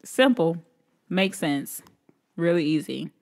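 A woman's voice: takes it slowly, gravelly. A woman co-hosting a casual podcast, blunt and wry in her remarks. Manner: blunt, wry, lively pitch. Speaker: podcast co-host. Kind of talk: casual chat.

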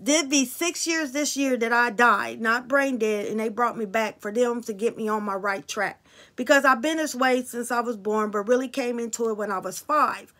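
A woman's voice: a little high, moderate pace, a bit bright. A woman card reader talking casually and bluntly to her viewers about spirits and signs, swearing freely.

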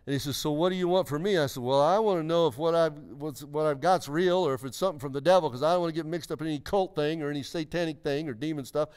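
Earnest older preacher with a smooth voice. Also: male voice, a little high, quick pace, hardly any pauses, darkish tone. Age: 60s. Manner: earnest, emphatic storytelling with many restarts. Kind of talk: sermon testimony. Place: church.

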